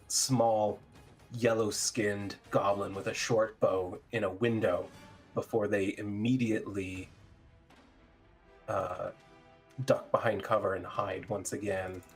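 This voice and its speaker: A man with a lowish voice narrates a tabletop game as game master, unhurried and easygoing. He fills pauses with ums and the odd chuckle while soft music plays underneath. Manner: relaxed, with fillers and chuckles.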